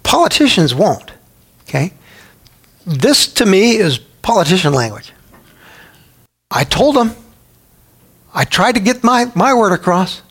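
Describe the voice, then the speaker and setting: A man's voice: high-pitched, creaky, fairly bright tone, husky. A middle-aged man from Texas teaching a Bible study in a chatty way, asking his listeners questions and telling anecdotes. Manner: chatty, asks the audience questions, tells anecdotes.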